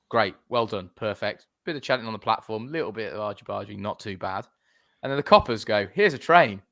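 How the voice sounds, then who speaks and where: A man's voice: mid-range voice, fairly bright tone, no echo, studio quality. Exasperated Black Country man ranting. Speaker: podcast co-host. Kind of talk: casual rant.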